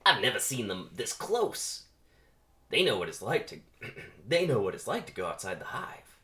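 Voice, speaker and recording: A man's voice: medium pitch, very animated, normal speed, a bit bright. A man voicing a questioning, incredulous young male bee.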